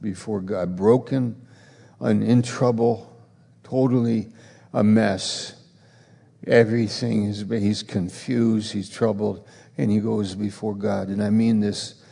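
Man preaching a sermon, gravelly voice, slow deliberate delivery, repetitive emphatic phrasing, reverberant hall. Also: fairly low pitch, warm tone. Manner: repetitive, emphatic preaching that swells into rhetorical challenges.

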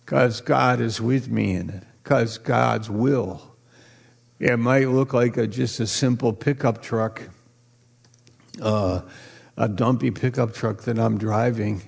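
Pastor, male, lower-pitched, gravelly; slow, playful sermon that quizzes the congregation. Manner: drawn-out emphasis on key words.

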